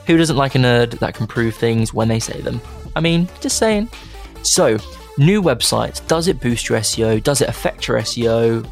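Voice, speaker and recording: A man's voice: medium pitch, animated, normal speed, gravelly, faint music behind. A man hosting a marketing podcast, talking in an enthusiastic, chatty and digressive way. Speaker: podcast host. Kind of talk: casual podcast monologue.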